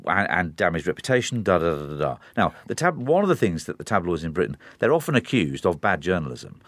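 A low-voiced man who talks quickly and forcefully, breaking into the conversation and restarting his sentences. His pitch rises and falls a lot. The studio sound is dry and close. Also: big pitch swings, no room sound. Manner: forceful, interrupts, talks in bursts with many restarts. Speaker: media commentator. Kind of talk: studio discussion.

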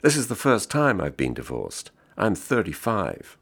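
Man doing a wry joking american guy in his thirties, lively swoops, gravelly. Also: on the low side, unhurried, pitched above the performer's own voice, heavily acted. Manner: wry, teasing, mock-jovial.

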